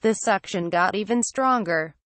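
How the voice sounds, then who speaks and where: A woman narrating a first-person horror story in a steady reading voice. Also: mid-range voice, moderate pace, dry recording.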